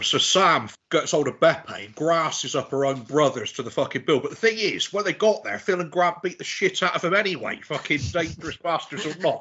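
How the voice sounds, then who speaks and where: A man's voice: on the high side, expressive, fairly quick, few pauses, bright, forceful tone, breathy edge, muffled recording. A man in his forties telling rambling, sweary stories in a casual podcast chat. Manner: rambling, sweary storytelling with restarts. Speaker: podcast guest.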